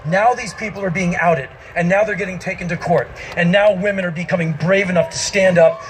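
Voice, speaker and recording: A man giving an emphatic spoken-word monologue to a live audience on an outdoor festival stage, his delivery breaking into shouts. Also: high voice, fairly even intonation, fairly quick, background noise.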